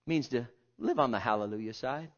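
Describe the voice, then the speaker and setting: A man preaching a sermon, swinging from hushed murmurs to loud, fervent exhortations. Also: medium pitch, fairly quick, highs cut off.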